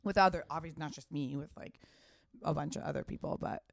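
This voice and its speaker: A woman's voice: sits low, fast talker, vocal fry, no room sound. A woman in her thirties from the United States, a fashion brand founder, talking casually in an interview, rambling with many fillers and the odd swear word.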